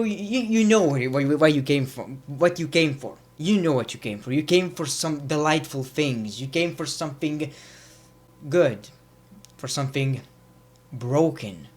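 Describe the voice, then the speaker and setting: A man hosting a casual video review of a wrestling show, chatty and opinionated, with sarcastic asides. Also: medium pitch.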